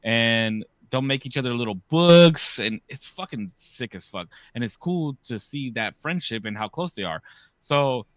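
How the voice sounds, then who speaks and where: A man in his thirties hosts a podcast, telling stories in a loose, profane, animated manner. His voice has a bright, forceful edge. The sound is dry and close. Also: mid-range voice, a little slow, no echo. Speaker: podcast host. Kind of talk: casual chat.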